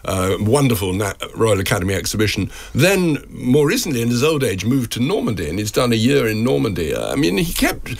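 A man's voice: mid-range voice, very animated, a little fast, gravelly, hardly any pauses. A man, a regular guest on a radio chat show, talking reflectively with fillers. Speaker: regular commentator.

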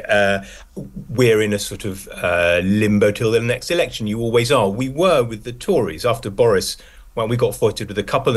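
A man talking as a guest commentator on a radio show, opinionated and rambling with frequent restarts. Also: lowish voice. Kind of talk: casual political chat.

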